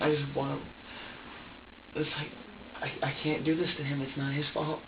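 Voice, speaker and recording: A man being questioned by police pours out an agitated, rambling account full of swearing. His voice sits a little high and sounds far from the mic. The room audio is roomy and dull, with a faint hiss. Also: level tone, normal speed, vocal fry. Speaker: interrogation suspect. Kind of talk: police interrogation. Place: interrogation room. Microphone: distant room mic.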